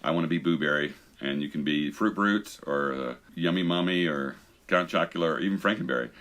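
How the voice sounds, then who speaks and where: A man's voice: rumbling low, a little fast, a bit bright. A man co-hosting a podcast in a casual, playful and teasing way. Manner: playful and teasing, with a bouncy up and down delivery. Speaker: podcast co-host. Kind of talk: casual chat.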